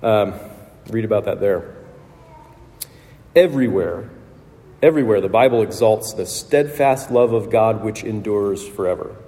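A man's voice: on the low side, unhurried, long pauses, mellow, big-room sound. A man preaching a sermon as pastor, earnest and reflective, thinking aloud with restarts.

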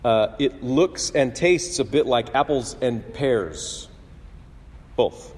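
A man preaching a sermon in an earnest, conversational way, often clearing his throat and restarting phrases. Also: mid-range voice, takes it slowly, a little mellow. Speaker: pastor. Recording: husky voice in a long-reverb hall.

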